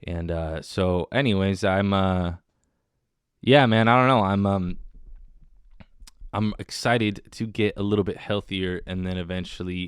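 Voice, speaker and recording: Male podcast host, solo casual chat, wired and self-mocking; smooth voice, dry close sound. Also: sits low, steady tone, a little slow, dry recording. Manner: rambling, self-mocking and jokey. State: wired on coffee.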